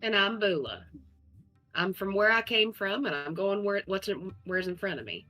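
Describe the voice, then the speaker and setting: A carefree wanderer dodges questions with playful riddles, played by a woman. Her voice is bright. Faint music plays behind her. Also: medium pitch, lively intonation, moderate pace. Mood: evasive. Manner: vague and playful.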